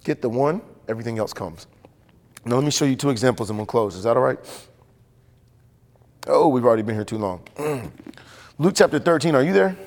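A man preaching a sermon with animated delivery, acting out voices in the stories he tells. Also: medium pitch, a little fast, long pauses, big-room sound. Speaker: pastor.

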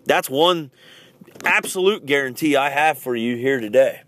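A middle-aged man hosting a podcast, giving a blunt, forceful motivational talk with swings in pitch and loudness. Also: moderate pace. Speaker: podcast host.

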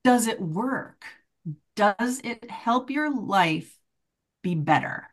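A middle-aged woman telling lively stories in a casual interview, laughing often and acting out quotes in a higher voice. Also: extremely slow. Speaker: guest, shaman teacher. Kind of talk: casual conversational storytelling.

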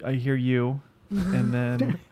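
A man's voice: mid-range voice, slow, mellow. Rambling jokey man in casual chat. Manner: rambling, jokey, does voices in stories. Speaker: podcast guest.

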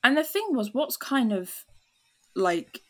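A woman's voice: a little high, sing-song, slow, fairly bright tone. A woman hosting a podcast in casual film chat, chatty with many fillers, acting out quoted lines. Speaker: podcast host.

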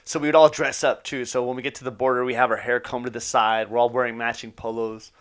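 Guy rattling off a wild story, quick and loose, swears a lot, says "you know" constantly, mid-range voice. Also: medium pitch, flat delivery, fairly bright tone, smooth. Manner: quick, loose and profane, with fillers and laughs. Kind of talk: personal anecdote, casual storytelling.

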